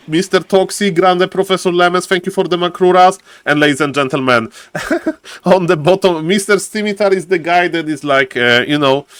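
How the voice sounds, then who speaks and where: A man's voice: fairly high pitch, a bit bright, dry recording. A man casting a live strategy game on stream, a showy announcer who keeps repeating his catchphrases and greets chat by name. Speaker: esports caster and streamer.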